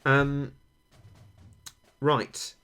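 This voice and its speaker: A young man with a British accent chatting casually while streaming a game, rambling and pausing with frequent ums. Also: medium pitch, level tone, pushed and bright, clear, resonant tone, faint music behind. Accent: British English. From Britain. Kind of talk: casual gaming stream chat.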